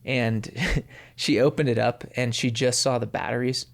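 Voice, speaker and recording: A man in his thirties co-hosting a podcast, telling a personal story in a relaxed, reflective way. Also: mid-range voice, normal speed, creaky. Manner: warm anecdotal telling, acts out quotes. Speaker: podcast co-host. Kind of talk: casual storytelling.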